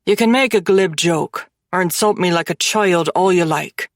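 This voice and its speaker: A woman voicing a cold, dangerous mafia man who speaks calmly and conversationally, with quiet menace in an audiobook. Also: lowish voice, normal speed, dry recording, clean studio sound, lightly acted. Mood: coldly persuasive. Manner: calm, conversational, quietly threatening.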